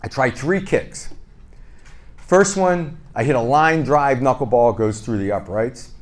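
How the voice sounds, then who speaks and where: A man's voice: mid-range voice, measured pace. A man guesting on a podcast, telling stories casually and playfully. He pokes fun at himself and acts out both sides of the conversations he describes. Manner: lively, re-enacts dialogue with "I go, he goes"; self-deprecating and playful. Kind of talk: casual anecdotal storytelling.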